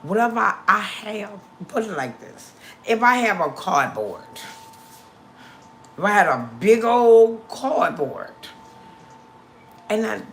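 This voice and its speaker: A woman's voice: mid-range voice, big pitch swings, slow, creaky, long pauses, a bit bright, a little hiss or hum. A middle-aged woman hosting a casual livestream, chatting to her viewers and repeating lines for emphasis, recorded on a phone. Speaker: livestream host.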